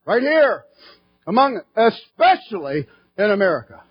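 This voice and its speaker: Husky-voiced male preacher, dull lo-fi recording. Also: high-pitched, very animated, unhurried. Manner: fervent, rising to shouting at peaks. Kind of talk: sermon.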